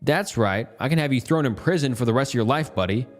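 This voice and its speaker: A man's voice: mid-range voice, expressive, fast, faint music behind, pitched above the performer's own voice, lightly acted. A man voicing a stern, hostile man in his fifties who barks orders in a cop-like tone. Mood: threatening. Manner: shouting, cop-like barked orders.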